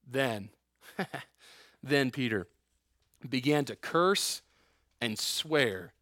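Joking youth pastor, dry close sound. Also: male voice, mid-range voice, lively intonation, very slow, pauses often, a bit bright, no room sound. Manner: joking asides while reading scripture aloud. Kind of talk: informal sermon to a youth group. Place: room with a live group.

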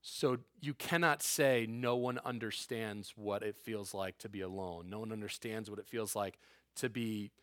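A man's voice: lowish voice, steady tone, moderate pace, a bit bright, dry recording, studio quality. A man preaching a conversational sermon as a pastor, earnest and emphatic with informal asides.

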